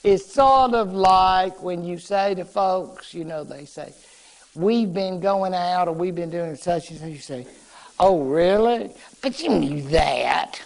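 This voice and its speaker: High-voiced, slow-talking male lecturer. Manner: playful, joking, acts out short quotes. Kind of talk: casual history lecture. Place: classroom.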